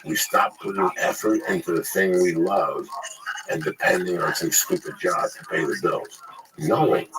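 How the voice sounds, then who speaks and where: A man's voice: low voice, distant mic. A man in casual profane chat, telling blunt stories with acted quotes about hustling. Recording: noisy recording.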